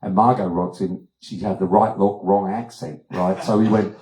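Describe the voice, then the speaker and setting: An older Australian man gives a talk made of anecdotes, animated and full of acted-out voices. His speaking voice is fairly low. The sound is roomy and echoing. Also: normal speed. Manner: animated storyteller, acts out voices. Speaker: guest speaker. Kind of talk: anecdotal presentation. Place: wellness retreat room. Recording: echoey room.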